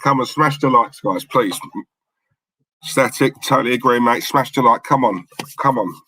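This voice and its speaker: Husky man hosting a watchalong. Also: medium pitch, moderate pace, pushed and bright, no room sound, poor audio. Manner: chatty, banters with viewers, reads out names and lineups. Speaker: football watchalong host. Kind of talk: casual live-stream chat.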